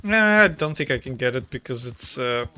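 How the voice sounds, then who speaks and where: A man's voice: medium pitch, lively intonation, normal speed, sharp tone. A man chatting casually on a game stream, laid-back and a little hesitant, reading out chat messages.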